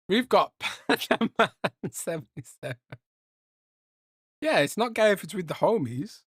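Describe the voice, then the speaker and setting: Young dude streaming, chatty and rambly, cusses a lot, pitch jumps all over, super dry mic. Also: male voice, a bit bright, slightly rough, dry recording. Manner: rambling, joking, swears a lot, trails off. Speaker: podcast host reading live chat. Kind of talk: casual livestream chat.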